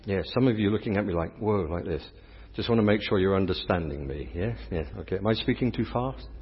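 English priest, middle-aged, teasing the congregation, dull lo-fi recording with a long church echo. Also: male voice, low-pitched, fast talker, breathy edge. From England. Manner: playful, teasing, chatty with the congregation. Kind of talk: interactive sermon with volunteers.

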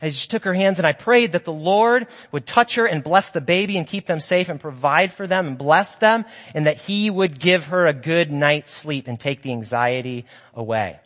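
A high-voiced man preaches earnestly and encouragingly, weaving in personal stories and addressing the congregation as friends. He speaks at a normal speed with hardly any pauses, his slightly bright voice carried by a church sanctuary's long reverb.

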